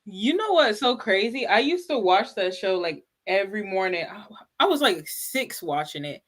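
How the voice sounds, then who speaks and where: A woman's voice: mid-range voice, sing-song, moderate pace. Woman, guest, casual chat, chatty, loose filler-heavy talk. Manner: chatty, uses many "like" fillers.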